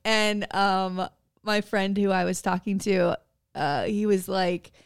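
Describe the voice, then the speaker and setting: A woman co-hosting a podcast in casual chat, animated, laughing often and swearing freely. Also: mid-range voice, takes it slowly, vocal fry, smooth, no echo, clean studio sound. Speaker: podcast co-host.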